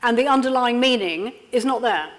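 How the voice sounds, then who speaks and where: A woman leading an interactive training workshop, lively and constantly checking in with her audience. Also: a little high, normal speed. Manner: lively, checks in with frequent "yeah?". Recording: lecture room with long reverb.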